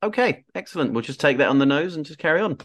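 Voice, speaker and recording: Lively-voiced tabletop player. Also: medium pitch, fast, dry recording, studio quality. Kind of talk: casual tabletop play.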